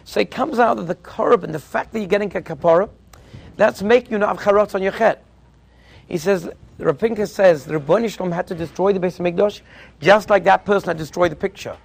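High, gravelly-voiced man telling a parable. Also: fairly quick. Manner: storytelling, mixing in Hebrew and Yiddish terms. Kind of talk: Torah talk with a parable.

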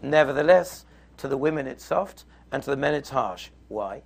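A man's voice: mid-range voice, expressive, moderate pace, creaky. A man giving a Torah lesson, explaining texts step by step in a conversational, storytelling way. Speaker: Torah teacher.

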